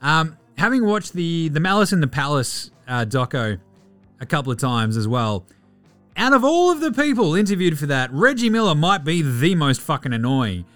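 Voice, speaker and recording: An Australian man hosting a sports podcast, animated and profane, mocking players with mock outrage. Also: fairly high pitch, moderate pace, soft background music. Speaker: podcast host.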